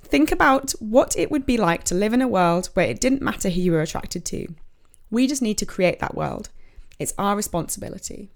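A woman's voice: medium pitch, lively intonation, a little fast, vocal fry. A woman co-hosting a podcast, chatting casually and gushing, often laughing. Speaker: podcast co-host. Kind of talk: casual chat.

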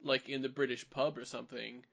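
A man's voice: medium pitch, level tone, a little fast, gravelly, crowd noise. A man hosting a casual podcast chat, rambling and hedging a lot as he leads the questions. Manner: rambling, hedging with "like" and "you know". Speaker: podcast host.

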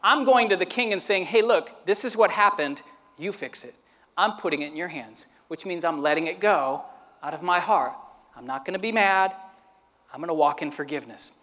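A man preaching a sermon as pastor, earnest and shifting between quiet, tender stretches and emphatic, rising ones. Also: high voice, normal speed, long reverb tail.

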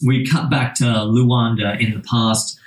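A man narrating as game master in a relaxed, hesitant way, with lots of fillers and restarts. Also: mid-range voice, unhurried, a little hiss or hum. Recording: roomy, distant mic.

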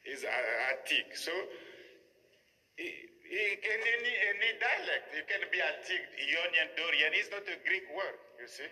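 A man's voice: fairly high pitch, sharp tone. A man giving a lecture to a class, emphatic and repetitive, often checking in with his listeners. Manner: emphatic, repeats himself, checks in with "you see?". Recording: long echo of a hall.

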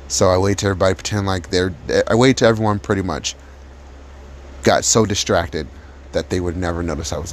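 A man's voice: low voice, a little hiss or hum. A man telling a personal story about his past in a casual, blunt and profane way.

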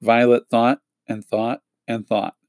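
A man reading a children's novel aloud in a steady, measured storytelling manner. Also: mid-range voice, dry recording. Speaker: audiobook reader.

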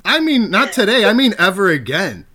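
A man's voice: high voice, sing-song, normal speed, sharp tone. A man hosting a casual podcast, teasing his guest and swearing a lot. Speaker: podcast host.

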